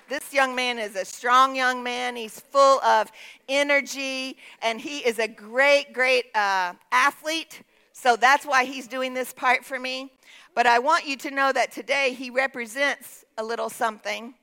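A woman's voice: high-pitched, measured pace, pushed and bright, smooth. A woman pastor preaching a sermon in a church, emphatic, calling out to the congregation for responses. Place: church sanctuary.

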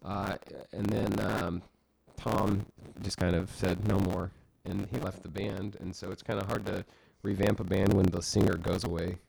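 A man's voice: low voice, little pitch movement, normal speed, creaky, darkish tone, breathy edge, low-quality recording. A man co-hosting a casual music podcast, talking in a rambling, jokey way with restarts. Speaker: podcast co-host. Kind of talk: casual chat. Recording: amateur recording with clicks and faint hiss.

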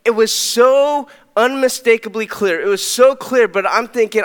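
A young adult male pastor telling a personal story in a sermon, animated and conversational, with many restarts. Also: high-pitched, moderate pace, few pauses, smooth. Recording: long hall reverb.

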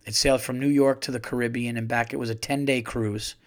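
A man's voice: medium pitch, steady tone, a little fast. A man in the middle of his range talks freely, as if chatting with friends. His stories wander, full of "like" and "you know," with swearing dropped in casually. He restarts sentences often and keeps an easy conversational flow. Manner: loose, profane, rambling with many fillers and restarts. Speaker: podcast host. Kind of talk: casual storytelling monologue.

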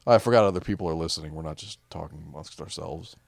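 A man's voice: very deep voice, quick pace, gravelly, no room sound. A man co-hosting a podcast in casual chat, laid-back with dry, sarcastic remarks. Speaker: podcast co-host.

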